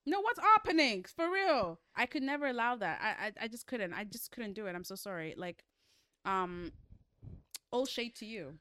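A young woman co-hosting a casual book chat, animated and dramatic, laughing often. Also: on the high side, normal speed, no echo, studio quality. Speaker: podcast co-host.

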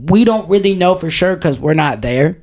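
A man's voice: high-pitched, animated, moderate pace, a little mellow. A man with a slightly raised voice rambles through a casual podcast chat. He is blunt and profane and wanders between thoughts as he talks. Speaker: podcast co-host.

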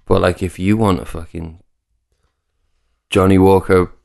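A man who tends bar, talking in a blunt, relaxed way and swearing casually as a podcast guest. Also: sits low, unhurried, gravelly. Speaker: bartender guest.

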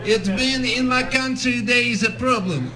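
A man's voice: extremely high pitch, normal speed, crowd noise. An actor playing a boastful foreign male TV reporter with a thick, exaggerated put-on Eastern European accent and broken English, leading a comic singalong in a country bar. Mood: rowdy, sing-song. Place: country bar with a live audience. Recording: roomy live bar recording with loud guitar.

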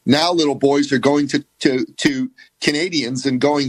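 A man's voice: medium pitch, fairly even intonation, normal speed, poor audio. A man from the Middle East, a guest commentator, speaks in heated, emphatic bursts. He often stumbles and restarts mid-sentence.

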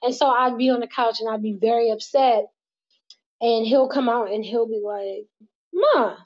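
A young woman talks candidly and casually as an interview guest, laughing easily and swearing without a second thought. Her voice sits a little high. The audio is dull and muffled. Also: fairly even intonation, moderate pace, darkish tone. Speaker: guest, model and mother.

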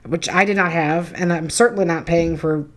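Lower-voiced woman co-host; blunt, swears a lot, self-deprecating. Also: fairly even intonation, normal speed. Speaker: true crime podcast co-host. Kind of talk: casual profane storytelling.

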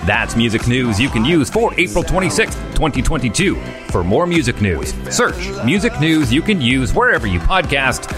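A man hosting a morning radio show, reading music news at a brisk pace and chatting in a relaxed way. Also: mid-range voice. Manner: brisk newsreader delivery, then relaxed storytelling banter. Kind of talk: radio news read and casual morning chat.

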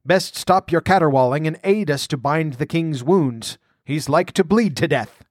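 A brusque commander of the guard as a man reading a storybook puts him on. He snaps his words out curtly, pitched above the narration. The sound is dry. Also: moderate pace, dry recording, lightly acted. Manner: curt, snapping. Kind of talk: audiobook character voice.

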